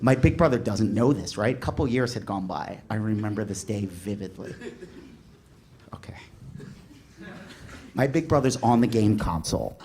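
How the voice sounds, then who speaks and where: A man performing a stand-up comedy set, telling animated stories and acting out voices. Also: on the low side, moderate pace, long pauses. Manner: animated, storytelling, lots of voices. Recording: noisy live club recording.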